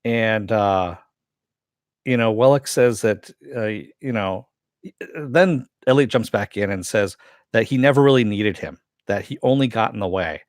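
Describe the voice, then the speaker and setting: A man's voice: measured pace, no room sound, studio quality. A man giving a casual, rambling recap of a TV episode, full of fillers and chuckles. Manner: loose storytelling with many fillers, chuckles often; voices the characters' lines with a lifted pitch. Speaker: TV reviewer.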